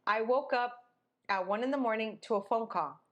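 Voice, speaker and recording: Expressive young woman telling a story. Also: on the high side, normal speed, dull audio. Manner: expressive, dramatic storyteller who acts out the people she quotes. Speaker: podcast co-host. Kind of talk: casual storytelling chat.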